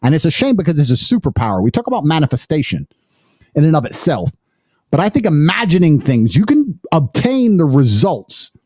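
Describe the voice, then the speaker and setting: Boastful man with a lively, rising voice. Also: on the high side, a little fast, no echo. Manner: boastful and insistent, rising to loud emphasis. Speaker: livestream host. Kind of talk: emphatic live-stream monologue.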